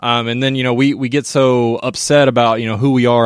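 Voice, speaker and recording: Measured man, podcast co-host. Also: mid-range voice, level tone, clear, resonant tone, no room sound, clean studio sound. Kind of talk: casual faith podcast chat.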